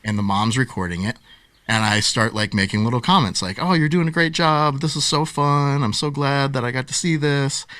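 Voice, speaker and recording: A man's voice: medium pitch, fairly quick, dry recording. A man in his forties, a podcast guest, telling a story in a casual interview, acting out the voices of the people in it and laughing often. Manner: animated storyteller who acts out quotes and laughs often. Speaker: podcast guest, author and speaker.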